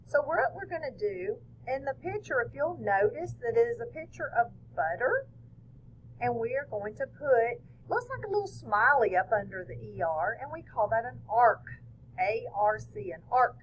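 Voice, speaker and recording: A woman's voice: fairly high pitch, expressive, moderate pace, a little hiss or hum, poor audio. A woman teacher explaining a phonics lesson patiently step by step.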